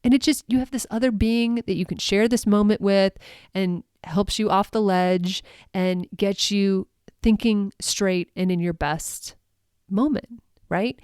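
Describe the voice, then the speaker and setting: Woman coach doing her podcast, smooth clear voice, chatty, lots of fillers, dry close sound. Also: mid-range voice, a little slow, darkish tone, no room sound. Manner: chatty and upbeat, many fillers, laughs often. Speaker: mindset coach for dog sport handlers. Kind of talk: solo coaching podcast talk.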